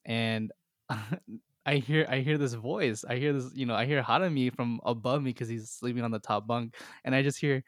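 A man's voice: medium pitch, moderate pace, dry recording, clean studio sound. A young adult man hosting a podcast, telling a story in casual chat and laughing often. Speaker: podcast host. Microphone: call recording.

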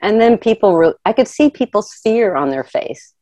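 A middle-aged woman telling a personal story in a lively way, laughing often and acting out the voices of the people in it. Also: medium pitch, normal speed, dry recording. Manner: animated, laughs often, acts out quoted voices.

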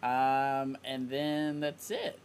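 Male co-host, middle pitch, casual stop-start delivery, faint hiss behind him. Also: level tone, drawn-out words. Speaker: podcast co-host. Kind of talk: casual chat.

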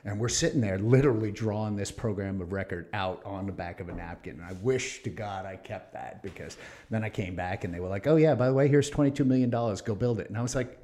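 A man's voice: lowish voice, fast talker. A man in his fifties, a retired Navy officer as the guest in a casual interview, telling stories and acting out the voices of people he quotes. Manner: animated storyteller acting out quoted exchanges.

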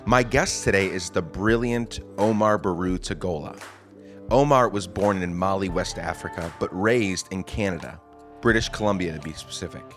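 A man's voice: low voice, normal speed, faint music behind. A man hosting a podcast with a casual, joking manner and a groggy morning voice. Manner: jokey, casual, self-deprecating. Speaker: podcast host. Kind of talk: conversational podcast interview.

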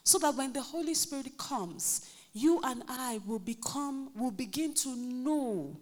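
A Nigerian woman pastor preaching a lively sermon, acting out quotes and joking with her congregation. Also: sits high, unhurried. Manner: animated, acts out quotes, jokes with the congregation. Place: church hall. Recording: reverberant church hall.

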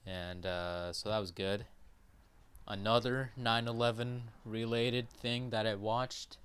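A man's voice: on the low side, fairly even intonation, slow, a bit bright, smooth. A man hosting a podcast in a casual monologue, rambling with many fillers, casual swearing and repeated checks of "right?". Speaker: podcast host.

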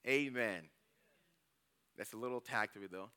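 Male church elder preaching, bright forceful tone, crisp clear delivery, conversational, keeps asking "okay?". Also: fairly low pitch, normal speed. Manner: chatty, checks in with "okay?" and "you know". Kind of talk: conversational sermon with Bible retelling.

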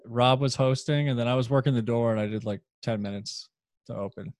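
A man's voice: mid-range voice, a little fast, a little mellow, no room sound. A man who does stand-up, laughing a lot and riffing on jokes with his friends on a podcast. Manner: laughs often, riffs on jokes. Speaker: stand-up comic, podcast co-host. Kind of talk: casual podcast banter.

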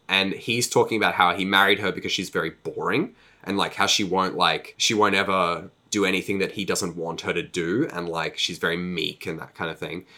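A man's voice: low voice, bright, forceful tone. A man in a casual podcast chat, recapping a book in a rambling, profane way, full of fillers and mock voices for characters. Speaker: podcast co-host.

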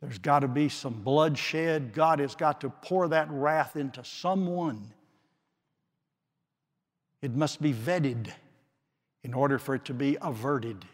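Slow, dramatic man preaching in a reverberant hall. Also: medium pitch. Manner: slow, dramatic preaching with long pauses, swinging from forceful to hushed. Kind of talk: sermon. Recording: long reverb of a large hall.

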